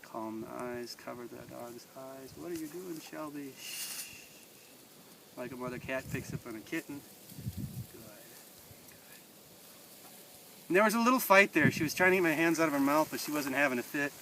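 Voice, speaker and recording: A man working as a dog trainer, explaining an outdoor training session in a relaxed way and chatting to the dog. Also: mid-range voice, fast talker, creaky, hardly any pauses. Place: outdoors in a field by water. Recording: distant outdoor mic with noise.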